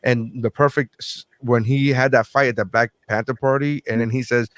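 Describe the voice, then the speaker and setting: A man in casual podcast chat, swearing freely as he tells stories with animated energy. His voice sits at a middle pitch. The recording is dry and close, with little room sound. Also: brisk, hardly any pauses, no echo. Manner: loose, profane and animated storytelling. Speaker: podcast co-host.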